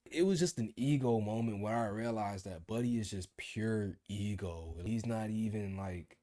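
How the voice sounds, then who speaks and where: A man's voice: on the low side, moderate pace, warm tone. A man in his twenties ranting about his job in a casual video diary, telling the story with slang. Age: 20s. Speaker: vlogger.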